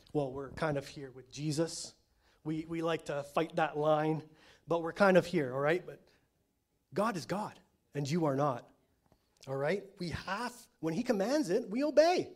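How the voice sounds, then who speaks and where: A pastor preaching in a fairly high male voice. He keeps his sermon conversational and often checks in with his listeners. He drops to quiet, low lines and then rises to loud, stressed declarations. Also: measured pace. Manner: conversational preaching with frequent check-ins to the congregation; swings between quiet, low statements and loud, emphatic declarations.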